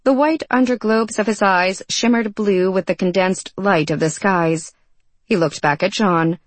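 A woman reading a fantasy novel aloud in measured, even storytelling. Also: medium pitch, dry recording. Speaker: narrator. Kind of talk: scripted audiobook narration.

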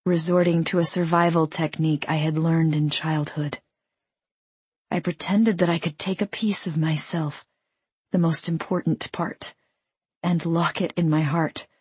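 A woman reading a first-person audiobook in a measured, unhurried storytelling manner. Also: lowish voice, darkish tone, slightly rough, dry recording. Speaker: audiobook narrator.

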